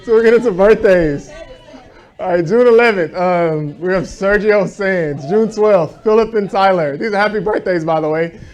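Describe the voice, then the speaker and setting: A man's voice: sits high, moderate pace, a little mellow, some chatter behind. A man running an office team meeting, reading out announcements and birthdays. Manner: upbeat, reads out announcements.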